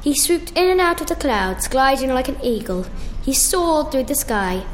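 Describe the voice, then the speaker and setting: A woman reading a storybook tale aloud, slowly and carefully, with small restarts. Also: high-pitched, big pitch swings, a little hiss or hum.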